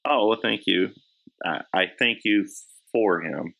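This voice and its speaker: Relaxed man with a low voice. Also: a little slow, creaky, poor audio. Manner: relaxed, laughs easily. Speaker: guest, editor and publisher. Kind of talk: casual chat.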